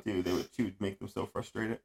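A man's voice: lowish voice, steady tone, fairly quick, creaky, a little mellow. A man hosting a casual podcast chat, rambling and swearing freely, with frequent laughs. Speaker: podcast host. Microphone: audio-only podcast recording.

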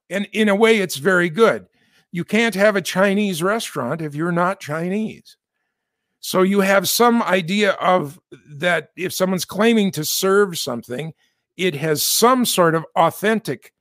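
A man's voice: high-pitched, animated, unhurried, fairly bright tone, no room sound. Chatty American man, dry and close. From United States. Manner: chatty, self-correcting, jokey asides. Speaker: commentator. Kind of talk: casual spoken commentary.

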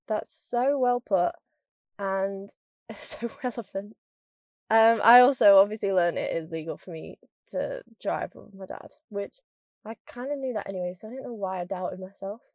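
A young woman from northern England with a mild northern accent, hosting a podcast as a casual chatty monologue and rambling quickly with lots of "like". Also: medium pitch, a little mellow, no echo, clean studio sound. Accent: mild northern English. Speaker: podcast host.

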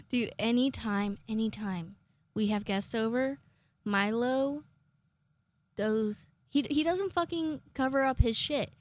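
A woman's voice: slow, no echo. Rambling, sweary young woman vlogger. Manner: rambling, sweary, self-mocking, breaks into high-pitched acted quotes. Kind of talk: casual chat to camera.

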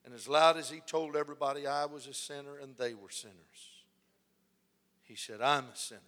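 Animated high-pitched male preacher in a hall. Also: fairly quick. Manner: animated storytelling, acting out other people's lines. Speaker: pastor. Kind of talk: sermon. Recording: long hall reverb.

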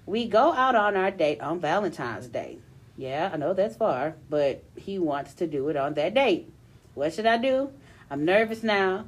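Animated young woman reading a story aloud. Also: lowish voice, a little slow, husky. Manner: animated storytelling, breaks into laughter often. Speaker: podcast co-host reading a listener's story. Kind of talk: casual podcast chat, reading a letter aloud.

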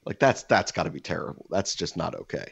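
A man's voice: low voice, lively intonation, quick pace, creaky, slightly rough, no room sound. A man co-hosting a podcast, telling crude stories in casual chat and cursing freely. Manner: crude, joking storyteller who curses freely. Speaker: podcast co-host.

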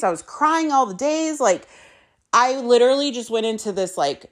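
A woman's voice: fairly high pitch, lively intonation, normal speed. A young woman, a mother, telling a personal story in an emotional, emphatic monologue, swearing and repeating herself for stress.

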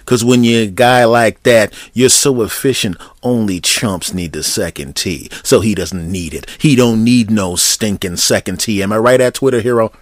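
A man's voice: fairly low pitch, no room sound, studio quality. A man hosting his own solo comedy podcast, rambling and joking with mock threats toward his listeners. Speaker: podcast host.

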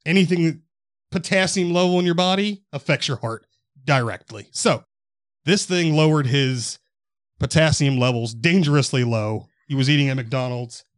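A man's voice: on the high side, moderate pace, no room sound, studio quality. A man co-hosting a podcast, telling a news story casually with rambling, profane asides. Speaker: podcast co-host.

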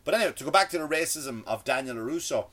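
A man with a fairly high, pushed, bright voice fires off an expressive, rapid comedic rant while sitting indoors. He has a non-American English accent, sounds sarcastic and mocking, and keeps stammering and starting over.

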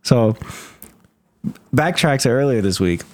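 A man's voice: medium pitch, animated, slow pace, slight background noise. A young man co-hosting a podcast in casual chat, telling a long rambling story full of swearing. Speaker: podcast co-host.

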